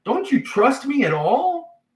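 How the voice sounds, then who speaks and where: A man's voice: extremely high pitch, big pitch swings, slow pace, far from the mic, pitched above the performer's own voice, heavily acted. A preacher voicing Jesus as a grown man scolding his frightened followers, in an exasperated, pleading tone. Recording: echoey church sanctuary.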